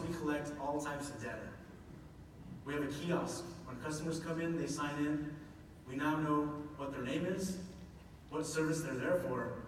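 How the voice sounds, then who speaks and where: A man from a government office gives an earnest public talk explaining his office's work, dropping in a few self-deprecating asides. His voice is on the high side, with slight background noise, and he's heard from far off in an echoey hall.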